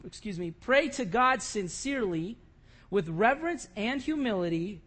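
High-pitched guy preaching, reads soft then gets loud and fervent. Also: animated, normal speed, slightly rough. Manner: swings from quiet reading to loud impassioned crying out. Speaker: pastor. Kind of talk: sermon.

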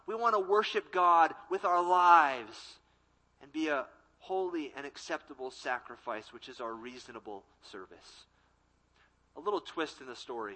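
Young man, pastor, sermon, bright voice, slightly high, emphatic repeats. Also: low-quality recording. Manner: dynamic preaching with emphatic repetition and acted-out quotes. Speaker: college ministry pastor.

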